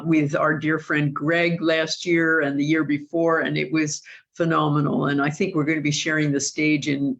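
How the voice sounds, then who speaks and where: A woman's voice: sits low, highs cut off. A woman hosting an online question-and-answer session, speaking in an earnest, thoughtful way with frequent restarts. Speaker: host. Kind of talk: live online Q&A discussion.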